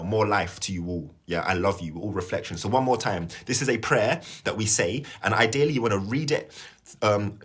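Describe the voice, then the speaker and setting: A man's voice: lowish voice, fairly bright tone, breathy edge. A young man hosting a spiritual live stream, reading a prayer aloud in an earnest, rambling way and checking in with viewers. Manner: earnest, rambling, repeats himself and checks in with "yeah?". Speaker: spiritual livestream host.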